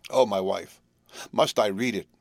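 A man's voice: fairly low pitch, a little slow, creaky, dry recording, studio quality. A man reading the part of a grief-stricken husband, pleading in a broken voice. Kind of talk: audiobook character reading.

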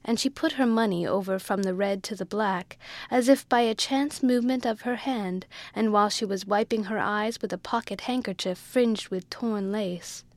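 A woman narrating a classic novel as an audiobook reader, in a measured storytelling way. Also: medium pitch, dry recording. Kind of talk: scripted narration.

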